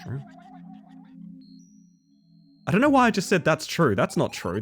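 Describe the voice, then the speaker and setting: A young man chatting casually with his livestream audience, swinging between nervous mumbling and excited high outbursts. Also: a little fast, long pauses, soft background music. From Western Australia.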